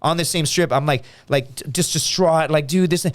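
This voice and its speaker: Animated, cursing man telling stories. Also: a little high, normal speed. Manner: animated, profane, acts out other people's lines. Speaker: podcast guest. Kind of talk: casual storytelling chat.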